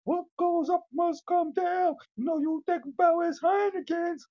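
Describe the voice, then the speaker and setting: A man voicing a goofy, unhinged male persona who rambles nonsense in a squeaky, gravelly voice during a comedic livestream skit. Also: unhurried, lo-fi sound. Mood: rambling. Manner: shouting nonsense with wild pitch jumps.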